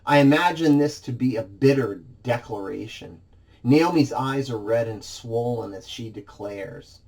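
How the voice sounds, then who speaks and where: Expressive man preaching a sermon. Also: unhurried. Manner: expressive reading, dramatizing quoted scripture with shifts in pitch and volume. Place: church.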